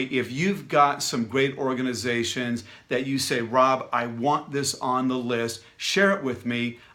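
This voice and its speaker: Guy hyped up talking to his followers, kinda out of breath, eager. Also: medium pitch. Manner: energetic, enthusiastic, inviting. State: a little out of breath. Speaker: vlogger addressing followers. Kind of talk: casual direct-to-camera announcement.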